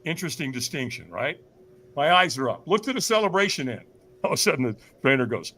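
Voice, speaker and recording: A man guest on a talk show tells a story in a lively, animated way. His voice is bright and sits a little high for a man, and it swings widely as he acts out the people in the story. He keeps talking to the listeners directly and throws them rhetorical questions. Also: fast. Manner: acts out voices of others with big pitch jumps, laughs often; addresses listeners as "you guys", asks rhetorical questions. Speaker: podcast guest, firewalk instructor.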